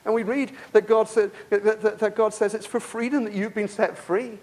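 High-voiced man preaching a sermon. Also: fairly even intonation, normal speed, few pauses. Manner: emphatic, repeats himself, asks the congregation rhetorical questions; swings between loud emphasis and quiet, soft-spoken stretches.

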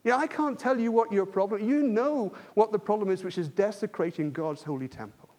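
A man's voice: high voice, fairly quick, darkish tone. A man preaching a sermon, earnest and emphatic, often repeating himself and restarting phrases.

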